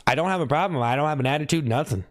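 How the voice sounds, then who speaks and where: A man talking casually on a live stream, thanking viewers by name and asking if he looks upset, with sudden high whoops. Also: very fast. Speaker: livestreamer.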